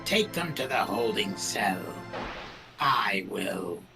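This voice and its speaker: A man putting on a slow menacing cultist. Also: lowish voice, expressive, creaky, music in the background, pitched below the performer's own voice, exaggerated voice.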